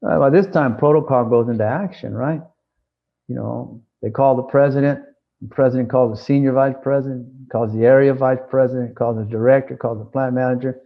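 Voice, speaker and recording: Gravelly man telling his story. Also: medium pitch, fairly even intonation, brisk, narrow, tinny audio. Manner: acts out dialogue, frequent restarts. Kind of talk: animated storytelling interview.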